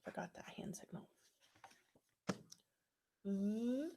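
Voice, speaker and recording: A woman's voice: mid-range voice, expressive, slow pace, creaky, warm tone. A woman teacher giving a recorded phonics lesson to young children, spelling words out letter by letter and clapping out syllables.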